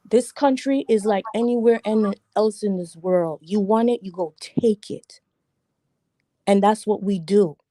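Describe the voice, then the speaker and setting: Emphatic woman from Jamaica, mellow and dry. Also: medium pitch, unhurried, dry recording. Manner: emphatic, argumentative, repeats points for stress. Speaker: livestream panelist. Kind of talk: livestream discussion.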